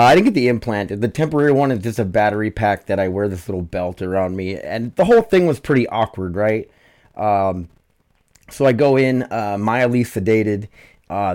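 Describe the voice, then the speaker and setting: A man's voice: fairly low pitch, moderate pace, a little mellow. A man hosting his own podcast in a loose, rambling way, full of fillers, swearing and self-deprecation, while dealing with nerve pain. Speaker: podcast host. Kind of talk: casual solo podcast talk.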